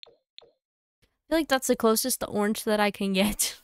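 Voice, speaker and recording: A woman streamer chatting casually to herself and her audience while playing a game, thinking aloud with quick asides. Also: medium pitch, clear, resonant tone, no room sound, clean studio sound.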